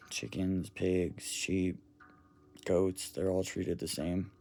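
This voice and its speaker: A man's voice: sits low, fairly even intonation, slow pace, vocal fry, mellow. A man talking casually to camera, earnestly retelling a story in a rambling way and swearing now and then. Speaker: vlogger.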